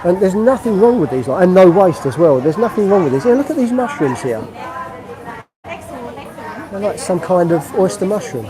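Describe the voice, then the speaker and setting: A man's voice: high-pitched, very animated, normal speed, pauses often, crowd noise, poor audio. A man from England chatting casually on a live stream while he walks through an outdoor market, explaining what he shows. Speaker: vlogger.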